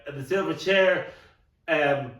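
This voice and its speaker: A man's voice: on the high side, slow, a bit bright. A middle-aged man co-hosting a podcast in casual chat, rambling and stumbling over repeated words, with a cough now and then. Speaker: podcast co-host. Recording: roomy, distant mic.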